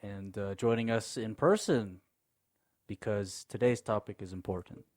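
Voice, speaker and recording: A man's voice: lowish voice, measured pace, darkish tone, no echo, studio quality. A young man hosting a casual podcast chat, loose and rambling, laughing often and cursing casually. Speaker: podcast host. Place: small room with co-hosts in person.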